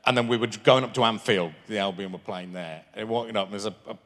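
A man's voice: lowish voice, fast, a bit bright. A man, telling rambling anecdotes full of restarts as a guest at a live stage interview. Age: 50s. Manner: rambling storyteller with many restarts. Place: large town hall stage. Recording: long reverb of a large hall.

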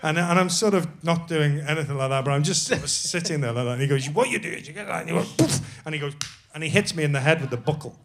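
A man's voice: a little high, quick pace, few pauses, fairly bright tone. A man telling a self-deprecating story as a guest on a live comedy podcast, laughing often. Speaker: actor guest.

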